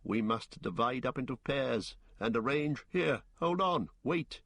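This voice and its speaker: A man's voice: medium pitch, expressive, unhurried, fairly bright tone, dry recording, pitched above the performer's own voice. A man voicing a grave male ranger leader who speaks sternly and with command.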